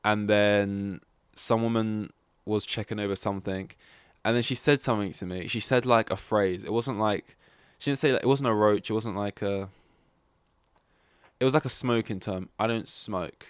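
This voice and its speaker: A young man talks in a low, unhurried voice, rambling through a story with blunt asides and the odd swear word. The recording is dry and close, with no room sound. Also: fairly even intonation, clear, resonant tone, no room sound. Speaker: podcast host. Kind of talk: casual solo podcast storytelling.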